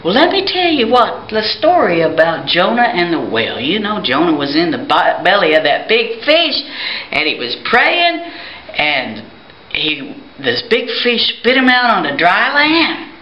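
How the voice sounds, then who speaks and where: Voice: mid-range voice, huge pitch swings, a little slow, voice pushed up. A teacher voicing a wise old man who eagerly retells Bible stories for children, talking in breathless bursts. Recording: roomy, dull home video recording.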